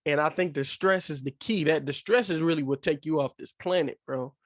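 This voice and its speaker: A man's voice: fairly high pitch, fairly quick, no echo, studio quality. A man co-hosting a podcast in casual chat, talking earnestly and repeating key phrases for emphasis. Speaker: podcast co-host.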